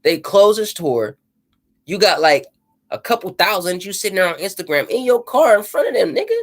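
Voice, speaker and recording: A man's voice: sits high, sing-song, moderate pace. A man sounds off in an impassioned rant, swearing freely and preaching about goals. His delivery is emphatic and defiant, and he keeps checking in with "you know what I'm saying.".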